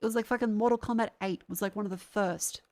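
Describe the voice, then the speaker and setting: A woman's voice: medium pitch, fairly even intonation, fast talker, darkish tone. A young woman talks to her chat, her voice a little congested from a sinus infection. She rants in a heated, sarcastic tone and swears freely. The delivery is loose, like casual stream chat.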